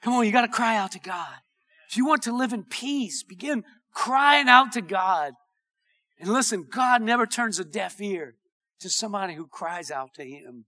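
A male pastor preaching with fervor, his voice sitting high and bright. He swings from calm teaching into loud, urgent cries. He reads verses aloud to his congregation. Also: normal speed. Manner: impassioned preaching, often shouting, reads scripture aloud. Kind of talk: sermon.

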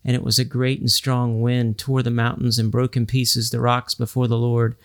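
A man on a podcast explaining scripture, quoting Bible passages at length in a relaxed study discussion. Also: medium pitch, moderate pace, no room sound, studio quality.

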